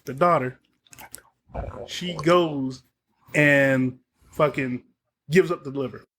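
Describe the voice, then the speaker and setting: A man hosting a casual podcast, retelling a story with animated acted-out lines and plenty of swearing. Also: mid-range voice, slow pace. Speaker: podcast host. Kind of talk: casual chat, retelling a show.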